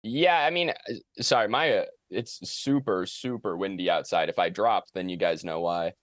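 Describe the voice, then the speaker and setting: A man co-hosting a casual gaming podcast, ranting with animated energy, talking from outdoors on a windy day. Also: deep voice, normal speed, no room sound. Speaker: co-host.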